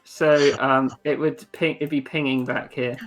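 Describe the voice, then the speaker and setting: Man, game master, relaxed narrator, mid-pitched voice, faint music underneath. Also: measured pace. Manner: relaxed, tallies sums, narrates shop scenes.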